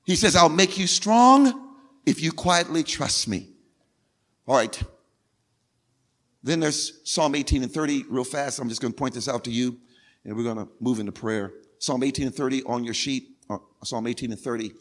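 A male pastor preaching a sermon, repeating phrases insistently and building from quiet talk to crying out. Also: normal speed. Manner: swings from low and quiet to shouting, crying out.

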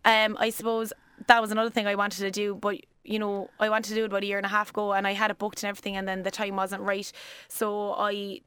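Irish woman in her twenties, talks fast and chatty, dry close mic. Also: mid-range voice, monotone, fairly bright tone, clear, resonant tone, no room sound. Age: 20s. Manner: chatty, laughs often, quick rambling talk. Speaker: guest, life coach. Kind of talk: casual podcast chat.

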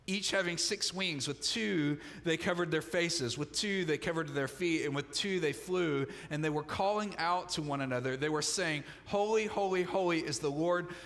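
A man's voice: fairly high pitch, normal speed, few pauses, fairly bright tone, big-room sound. A man preaching a sermon in a conversational style, with humorous asides, in a church. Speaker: pastor. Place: church sanctuary.

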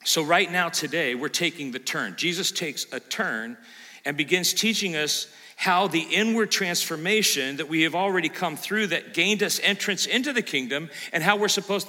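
Pastor, male, very bright tone; lively sermon with asides to the congregation, long church reverb. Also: a little high. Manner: animated, plays out imagined listener lines, quizzes the congregation. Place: church sanctuary.

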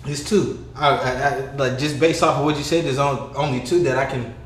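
A man talking in casual chat, loud and laughing as he teases his friend. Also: mid-range voice, steady tone, moderate pace, a little hiss or hum. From California. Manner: loud, laughing, mocking imitations. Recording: echoey room.

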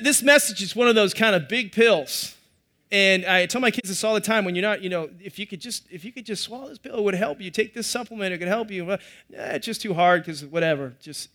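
A man's voice: a little high, fairly bright tone. A middle-aged man, preaching a sermon to a live congregation in a conversational way with joking asides. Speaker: pastor.

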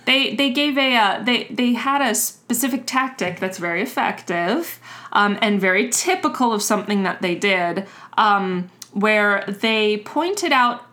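A woman's voice: mid-range voice, animated, measured pace, sharp tone. A woman co-hosting a casual podcast, telling a story with acted-out quotes and casual swearing. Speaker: podcast co-host.

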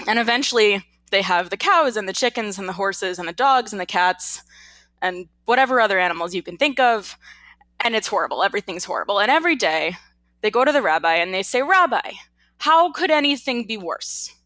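A woman co-hosting a casual podcast, telling a folk tale in a playful, animated way. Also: mid-range voice, fast talker, no room sound. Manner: animated, playful storytelling with put-on quotes. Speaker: podcast co-host. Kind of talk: casual chat and storytelling.

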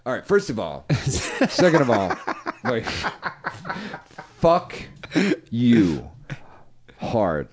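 A man's voice: mid-range voice, wildly swooping pitch, unhurried, slightly rough. A man co-hosting a podcast, ranting in casual, heavily profane banter. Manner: ranting, swears a lot. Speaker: podcast co-host.

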